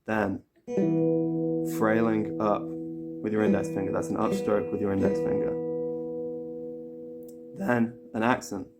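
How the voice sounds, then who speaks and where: A man teaching a guitar lesson, explaining a picking pattern step by step in a casual way. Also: on the low side. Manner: explains step by step, counts and sings pattern syllables while playing. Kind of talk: casual instructional talk. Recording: loud guitar playing over the voice. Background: acoustic guitar playing.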